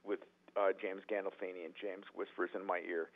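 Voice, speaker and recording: A man who is a writer-director telling animated stories in an interview, often restarting his sentences. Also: low voice, fairly quick, background noise. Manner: animated, acts out quotes, frequent restarts. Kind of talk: anecdotal storytelling in a podcast interview. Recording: tinny phone-like line.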